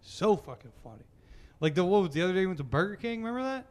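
Loud profane guy telling stories, high voice that jumps all over, laughs a lot. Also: sing-song, very fast. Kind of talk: casual chat.

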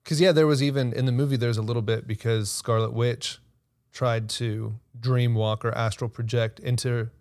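A man with a gravelly, fry-tinged voice talks earnestly on a faith-based podcast. He is hesitant and repeats words while he gathers his thoughts. The recording is dry and close, with no room sound. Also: mid-range voice, steady tone, moderate pace, a little mellow, dry recording. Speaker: podcast co-host. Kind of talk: casual faith-based discussion.

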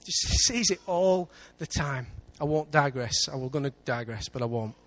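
A man with an English accent preaching a sermon in church, lively, with big swings between loud and quiet. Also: mid-range voice, normal speed. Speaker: pastor.

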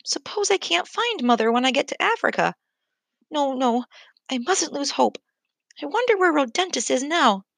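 A woman voicing a young female giraffe who is anxious but hopeful, speaking softly and earnestly. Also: high-pitched, big pitch swings, normal speed, vocal fry, dry recording, clean studio sound, voice pushed up, heavily acted. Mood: worried.

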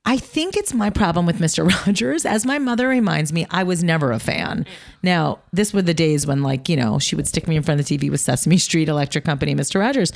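A lively woman chatting about movies with her co-hosts. She talks in a fairly low voice, jumps between asides and laughs often, giving quick, opinionated takes on the awards. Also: vocal fry. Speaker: podcast co-host. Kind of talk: casual chat about film awards.

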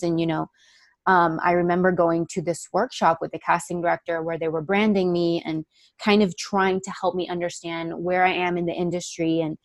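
A young woman from Miami, an actress, telling personal stories in a candid interview, animated and full of fillers. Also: lowish voice, brisk, dry recording. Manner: animated storytelling, many fillers, acts out quoted voices. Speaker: actress guest.

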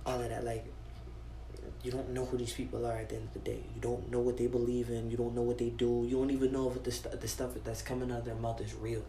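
A man's voice: mid-range voice, little pitch movement, fast talker, gravelly, dark tone, slight background noise. Young guy going off on a rant, swears a lot, keeps saying bro, sounds roomy. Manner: profane, heated, repeats "bro" and restarts often. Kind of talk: ranting monologue to camera. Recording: roomy echo with faint ambience.

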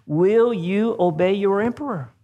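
A man's voice: sits high, a little slow, warm tone, lo-fi sound, voice pushed up. A man voicing a stern Roman governor who speaks mildly but firmly, growing exasperated. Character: stern Roman governor, middle-aged man, coaxing then harsh.

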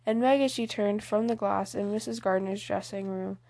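Gravelly woman reading a novel aloud. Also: mid-range voice, fairly even intonation, moderate pace, a little mellow, slight background noise. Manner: plain reading with small slips and restarts. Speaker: audiobook reader. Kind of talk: audiobook narration.

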